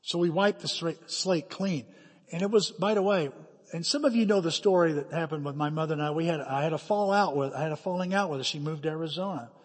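A man's voice: fairly high pitch, quick pace, breathy edge. A middle-aged man preaching a sermon as a pastor, telling personal stories with emphatic, dramatic quoted asides. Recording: hall reverb.

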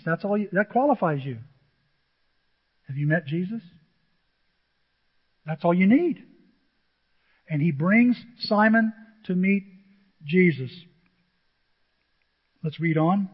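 Pastor guy preaching, kinda high raspy voice, muffled lo-fi sound. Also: measured pace, pauses often. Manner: animated, acts out quotes in different voices. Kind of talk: sermon. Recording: dull lo-fi sound with long hall reverb.

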